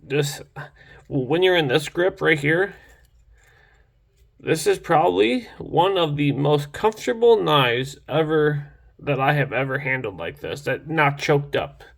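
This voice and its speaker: A man's voice: a little high, lively intonation, a little slow, gravelly. A young man casually reviewing a knife in a rambling, enthusiastic vlog, full of restarts and fillers.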